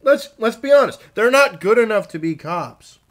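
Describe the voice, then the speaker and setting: A man chiming in as co-reviewer with short sarcastic jabs. His voice sits high and swings widely in pitch, and his delivery stays casual and dry. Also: lively intonation, normal speed. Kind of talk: casual banter.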